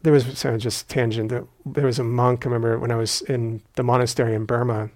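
With a mid-range, level voice, a man teaching meditation gives a dharma talk inside a retreat hall. He takes his time, sounding thoughtful and quietly humorous.

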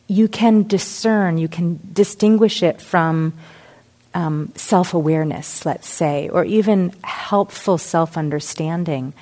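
Low-voiced woman teaching mindfulness. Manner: reflective and gently explanatory. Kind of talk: teaching talk with a parable.

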